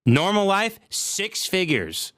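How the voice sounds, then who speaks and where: Bright-voiced man on a sarcastic rant. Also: high-pitched, wildly swooping pitch, slow pace, no echo. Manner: sarcastic, profane, worked-up. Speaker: comedy podcast host. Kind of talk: comedic rant.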